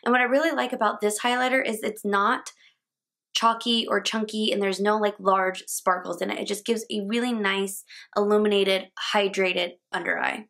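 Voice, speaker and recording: A woman's voice: mid-range voice, fairly even intonation, moderate pace, a bit bright. Chatty young woman talking through makeup. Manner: chatty, casual, laughs at own slips. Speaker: beauty vlogger. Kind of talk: makeup tutorial talk-through. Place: home, indoors.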